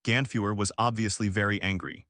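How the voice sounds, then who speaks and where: A man's voice: lowish voice, fairly even intonation, moderate pace, a bit bright, no room sound. Man reading an audiobook in a dry room. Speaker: audiobook narrator. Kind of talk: scripted narration.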